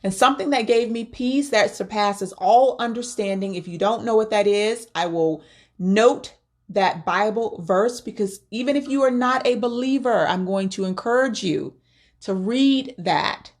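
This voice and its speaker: A woman's voice: medium pitch, unhurried. A woman vlogger giving earnest, faith-based advice on grief, often repeating words as she searches for them. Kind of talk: personal spoken advice.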